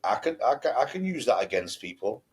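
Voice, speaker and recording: A man's voice: medium pitch, very animated, a little fast, husky. A man, co-hosting a podcast in casual conversation, telling stories bluntly with frequent swearing. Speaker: podcast co-host.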